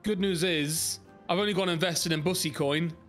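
A young man bantering excitedly with a friend while gaming, laughing often. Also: fairly high pitch, a little fast, soft background music. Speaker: gamer.

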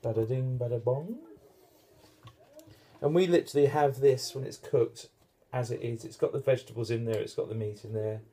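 Hardly pausing, a British man talks fast in a dark, slightly rough voice of medium pitch. As a home cook and channel host, he runs a casual kitchen cooking demonstration, chatting and making self-deprecating jokes.

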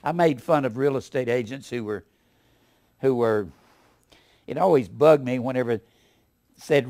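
A man preaching a sermon in a folksy, animated way, swinging from loud emphasis to quiet asides. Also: mid-range voice, unhurried, long pauses, no room sound, studio quality.

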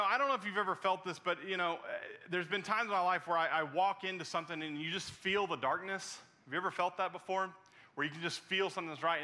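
A male pastor with a bright, ringing voice that sits a little high. He preaches in an earnest storytelling way, often sinking to a near hush for the tender moments. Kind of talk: sermon.

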